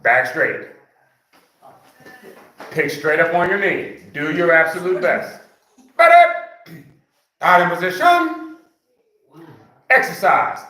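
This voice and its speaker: A man with a bright, fairly high voice leads a seniors' exercise class, counting reps out loud and coaxing the group along. He sounds far from the mic, and the room around him echoes. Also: measured pace, long pauses. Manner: counts reps aloud, coaxing with frequent "okay?". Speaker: senior fitness instructor. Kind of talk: live exercise class instruction.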